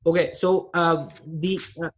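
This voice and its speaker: A man's voice: on the high side, fairly even intonation, a little slow. A man teaching an online Arabic grammar class, explaining patiently and often checking that students follow.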